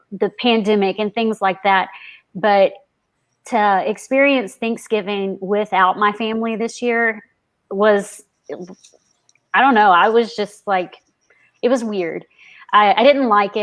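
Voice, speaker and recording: Woman co-host on a live stream, soft spoken and reflective, mid pitched voice. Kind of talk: casual chat on a live stream.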